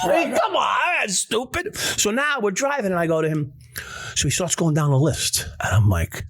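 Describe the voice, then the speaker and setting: A man hosting a podcast, telling a story in a casual, animated way that is full of swearing and stammered restarts. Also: on the high side, brisk, creaky, slightly rough.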